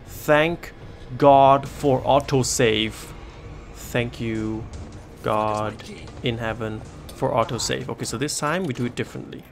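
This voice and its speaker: A man's voice: mid-range voice, takes it slowly, soft background music. A man giving let's play commentary, panicking, swearing and joking to himself. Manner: panicky, swearing, jokey self-talk. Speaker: game streamer.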